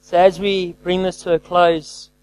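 High-voiced energetic male preacher. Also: unhurried, clean tone, low-quality recording. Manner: energetic call-and-response preaching; swings from loud to quiet. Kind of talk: sermon.

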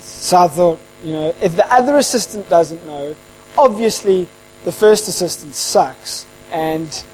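A man who interviews people, telling a casual anecdote in an animated way and acting out the dialogue. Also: fairly high pitch, a little slow, slight background noise, poor audio.

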